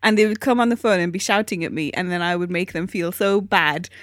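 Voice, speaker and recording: A woman from Newcastle co-hosting a podcast, with teasing banter and quick comebacks. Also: lowish voice, dry recording, clean studio sound. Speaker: podcast co-host. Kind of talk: casual chat.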